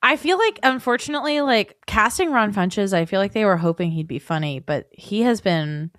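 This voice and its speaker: A woman's voice: medium pitch, lively intonation, moderate pace, a bit bright, no room sound, clean studio sound. A young woman co-hosting a casual podcast, agreeable and chatty, backing up her co-host often. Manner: agreeable, many short backchannels. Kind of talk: casual chat recapping reality TV.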